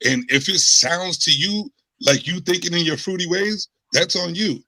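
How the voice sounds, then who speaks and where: A man's voice: sits high, normal speed, bright, forceful tone, dry recording, rough recording. A man on a debate panel, blunt and dismissive, swearing freely as he argues. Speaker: panel guest.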